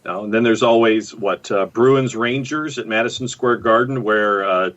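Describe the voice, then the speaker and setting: A man's voice: lowish voice, normal speed, a bit bright. A man co-hosting a sports podcast, recalling an old story in a rambling way with many fillers. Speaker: podcast co-host. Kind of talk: casual sports talk. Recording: dull lo-fi audio.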